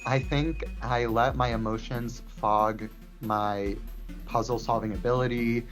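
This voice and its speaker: A man's voice: mid-range voice, fairly even intonation, measured pace. A man gives a reality show confessional. He vents about a puzzle, swearing and mocking himself. Faint music plays underneath. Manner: frustrated, swearing, self-mocking. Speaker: reality competition contestant. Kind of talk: confessional interview.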